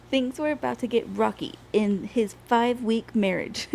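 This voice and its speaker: A woman's voice: fairly high pitch, takes it slowly, vocal fry, a little mellow, a little hiss or hum. A woman casually telling a history story to her podcast co-hosts, often laughing and restarting.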